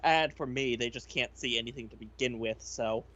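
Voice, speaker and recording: A man's voice: medium pitch, normal speed, sharp tone, lo-fi sound. A man chatting as a player in a tabletop game, joking and laid-back. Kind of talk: casual tabletop chat.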